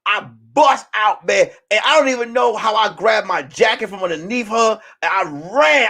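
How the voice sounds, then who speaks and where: High, lively man telling a wild story. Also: moderate pace, hardly any pauses. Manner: animated, profane, swings from hushed whispers to shouting. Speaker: show host. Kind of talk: casual storytelling on a livestream.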